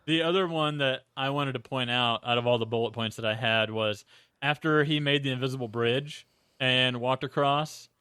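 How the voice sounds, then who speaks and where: A young adult man co-hosting a casual film-review podcast, animated, acting out lines he quotes and swearing casually. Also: mid-range voice, smooth, dry recording, clean studio sound. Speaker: podcast co-host.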